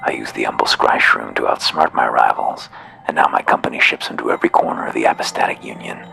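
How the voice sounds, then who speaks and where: Man reads pushy merchant, folksy drawl, lively swings in the delivery. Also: a bass voice, fast talker, creaky, whispered, faint music behind, pitched below the performer's own voice, full character voice. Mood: pitching. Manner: salesman patter, drawling folksy slang. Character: folksy fast-talking male mushroom merchant, pushy.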